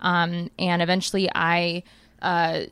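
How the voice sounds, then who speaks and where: A woman's voice: on the low side, completely flat delivery, takes it slowly, fairly bright tone, smooth, no echo, studio quality. A woman of twenty-three telling personal stories as a guest on a podcast, frank and full of swearing. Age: 20s. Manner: candid storytelling with lots of swearing. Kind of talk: casual podcast chat.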